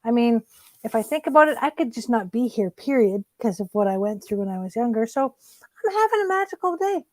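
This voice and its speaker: A woman's voice: a little high, fairly quick, a little mellow, no echo. A woman talking as a guest on a chat show, cheerful and bubbly. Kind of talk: casual chat.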